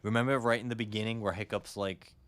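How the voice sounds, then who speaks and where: A man's voice: fairly low pitch, steady tone, quick pace, a bit bright. A young man co-hosting a podcast, rambling enthusiastically in casual chat and swearing now and then. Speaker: podcast co-host.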